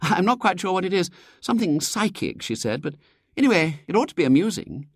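Narrator puts on a breezy, bored young woman in a storybook, lifted pitch, lilting and careless. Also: sing-song, fairly quick, husky, no echo, studio quality, exaggerated voice. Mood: offhand. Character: bored young society girl, flippant. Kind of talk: audiobook character voice.

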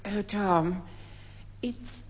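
A man's voice: sits high, very slow, background noise. An actor voicing a gushing, breathless young woman sweetheart in a 1950s radio comedy. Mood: swooning. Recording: muffled old broadcast with hall echo.

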